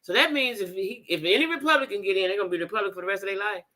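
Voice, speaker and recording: A woman hosting a casual livestream chat, talking to her viewers in a blunt, animated and profane way, with repeated exclamations. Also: medium pitch, rapid-fire. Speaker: livestream host reading viewer comments.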